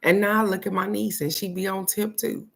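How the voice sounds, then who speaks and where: A woman's voice: medium pitch, steady tone, fairly quick, vocal fry, fairly bright tone. A middle-aged woman host gives casual spoken advice in a blunt, preachy way and swears freely.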